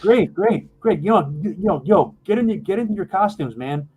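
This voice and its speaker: Man putting on a high, jovial teenage leprechaun. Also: lively intonation, normal speed, warm tone, slightly rough. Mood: pushy. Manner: jovial, laughing, pushy host. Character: brash teenage male leprechaun band leader.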